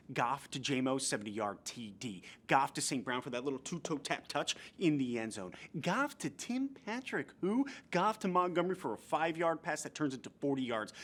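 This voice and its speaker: Goofy, animated male sports vlogger. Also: mid-range voice. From New Jersey, USA. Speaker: host. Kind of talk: comedic sports recap.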